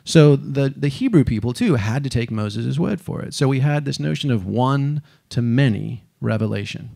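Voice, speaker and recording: Gravelly guy doing a fired-up stage talk, swears a bit, acts stuff out. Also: medium pitch, normal speed. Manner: animated, swearing, acts out quotes. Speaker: speaker.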